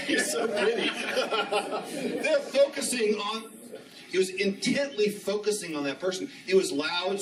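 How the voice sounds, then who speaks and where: A man's voice: fairly high pitch, distant mic, background noise. A man in his fifties giving a training talk, telling a story animatedly and acting out the dialogue. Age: 50s. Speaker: ski instructor trainer. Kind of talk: storytelling presentation.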